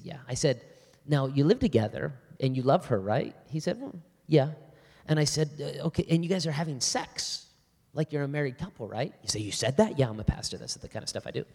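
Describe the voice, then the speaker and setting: A man's voice: medium pitch, creaky, husky. Man preaching in a reverberant hall. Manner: animated storyteller, acts out both sides of a dialogue. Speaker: pastor. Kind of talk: church talk with storytelling. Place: church hall before a live audience.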